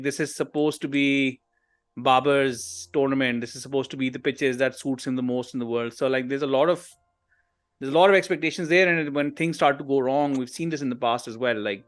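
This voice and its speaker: A man on a podcast panel, giving a frank, critical opinion and thinking aloud in casual discussion. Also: medium pitch.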